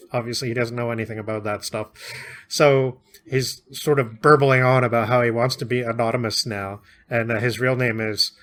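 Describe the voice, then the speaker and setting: A man with a medium-pitched, fairly bright voice co-hosts a podcast, chatting casually as he recaps and discusses a classic novel and often laughing.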